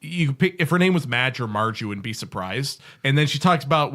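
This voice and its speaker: A man's voice: mid-range voice, lively intonation, brisk, pushed and bright. Joking Canadian podcast co-host man. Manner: rambling, self-correcting, joking. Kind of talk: casual chat.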